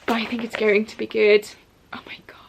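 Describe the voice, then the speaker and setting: Chatting to camera from home, a young book vlogger wanders through her recent book purchases with asides and restarts. Her mid-range voice is gravelly and completely flat, her pace brisk, with a little hiss or hum underneath.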